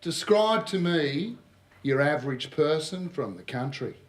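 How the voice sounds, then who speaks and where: A man with an Australian accent giving a lively workshop presentation to a live audience, joking and throwing in asides. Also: fairly high pitch, a little slow. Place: large room with live audience. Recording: roomy echo of a hall.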